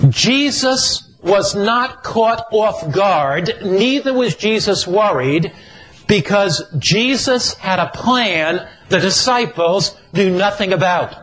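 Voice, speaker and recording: Guy preaching a sermon, high voice, slow and emphatic, lots of repeated lines. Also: lively intonation, a bit bright, poor audio.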